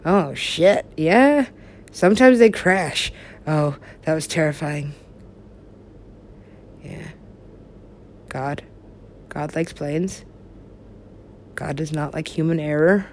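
A woman rambles in a loose, unhurried way, her voice sitting fairly low. She giggles often, swears freely and lets sentences trail away into mumbled half-words. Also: darkish tone, slight background noise. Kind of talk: rambling casual talk.

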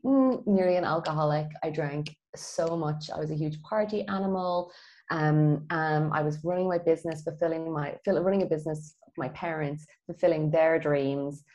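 A woman guest on a podcast, telling her life story in a lively, animated way and acting out the dialogue she quotes. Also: low voice. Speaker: guest, feng shui expert. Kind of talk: casual podcast interview.

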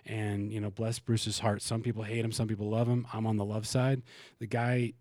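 A man appears as a podcast guest, telling a personal story in candid conversation; he's frank and emotional, swearing and restarting his sentences. His voice is fairly low, level and a little mellow, at a moderate pace, with no echo.

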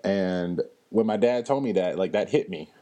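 A man hosting a podcast, telling a story in a blunt, animated way and swearing freely. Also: low-pitched, normal speed. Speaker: podcast host. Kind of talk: casual storytelling monologue.

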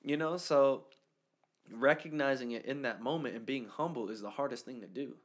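Casting note: male co-host, casual talk, animated storyteller with quoted voices, mid-pitched voice. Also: normal speed. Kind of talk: casual faith conversation.

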